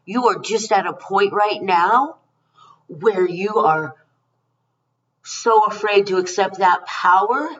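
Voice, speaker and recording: A woman's voice: mid-range voice, far from the mic, dull audio. Rambling middle-aged woman psychic, off-mic. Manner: rambling, emphatic and affectionate, calls listeners honey and you guys. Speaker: psychic card reader. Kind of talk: spiritual card reading to camera.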